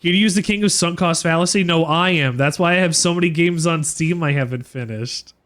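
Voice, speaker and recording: A man streaming a video game and giving animated, joking commentary that rambles a little. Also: a little high, a little fast. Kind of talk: let's play commentary.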